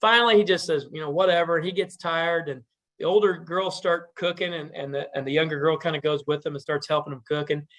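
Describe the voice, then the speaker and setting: A man telling a traditional story casually at a community meeting, relaxed and animated. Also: on the high side, fast.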